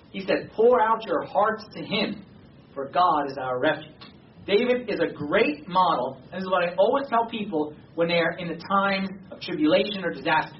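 Male pastor, conversational, grows emphatic; distant mic, roomy echo, dull sound. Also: high-pitched. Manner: conversational, emphatic, rising to passionate exhortation. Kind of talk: sermon. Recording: distant, echoey, dull sound with faint noise.

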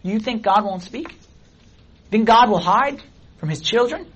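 A man in middle age preaches to his congregation with a husky, breathy edge to his voice. He speaks in a high register and keeps firing questions at his listeners in a loose, animated way. The tone stays conversational throughout. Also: unhurried, rough recording. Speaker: pastor. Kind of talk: sermon.

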